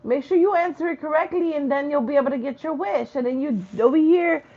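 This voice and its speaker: A woman's voice: sits high, fast talker, highs cut off. A woman giving a spiritual message in a vlog, talking bluntly with plenty of swearing and street slang. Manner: blunt, profane, slangy preaching. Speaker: spiritual reader.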